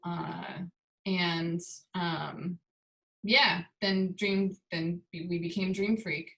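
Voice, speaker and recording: A woman's voice: on the low side, steady tone, very slow, vocal fry, bright, forceful tone, slight background noise, poor audio. A woman musician being interviewed, talking casually and thoughtfully with many fillers. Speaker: musician guest.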